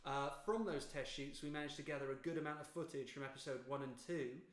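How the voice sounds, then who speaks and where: A man co-hosts a casual livestream with a slightly high, bright voice. He is upbeat and playful while keeping the show organized. The echoey room is clearly audible around him. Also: quick pace. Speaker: co-host and series creator.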